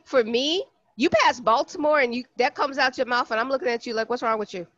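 A woman from Brooklyn, co-hosting a casual podcast and acting out quotes in an animated way. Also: high voice, brisk. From Brooklyn, New York. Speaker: podcast co-host. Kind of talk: casual chat. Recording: dry, dull lo-fi sound.

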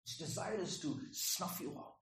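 A man's voice: high voice, normal speed, vocal fry, a bit bright. A man preaching a sermon in a conversational way, often checking in with "Right?" and "Okay?". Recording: echoey room.

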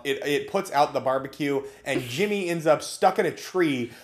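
A man co-hosting a podcast in person, casually recapping a movie and acting out the characters in quick voices. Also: fairly high pitch. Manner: animated, acts out characters in quick put-on voices. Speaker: podcast co-host. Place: in person, indoors.

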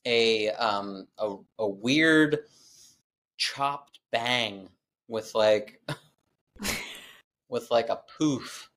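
A man co-hosting a podcast, chiming in with halting, hesitant remarks during a casual film chat. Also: mid-range voice, fairly bright tone. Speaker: podcast co-host.

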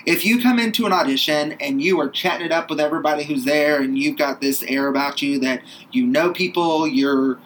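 A man's voice: fairly high pitch, a little fast, hardly any pauses, fairly bright tone, slight background noise, rough recording. A man co-hosting a podcast, a theater director giving audition advice in a blunt, joking way. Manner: blunt, jokey, acts out quoted auditioners. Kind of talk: casual chat.

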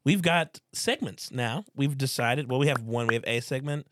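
A young man co-hosting a podcast, joking and swearing casually in relaxed chat. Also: medium pitch, normal speed, dry recording, clean studio sound. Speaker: podcast co-host.

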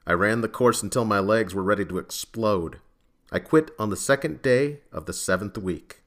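A man voicing a gruff, blunt male training officer in an audiobook, with dry, threatening delivery. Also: fairly low pitch, expressive, normal speed.

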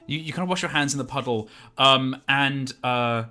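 A man narrating as game master of a tabletop game, casual and halting with many fillers. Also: mid-range voice, pushed and bright, soft background music.

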